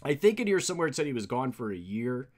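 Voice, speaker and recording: Streamer guy recapping a comic, rambling, lively up and down voice. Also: mid-range voice, fast. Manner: animated, rambling, lots of restarts and fillers. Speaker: comic book reader, streamer.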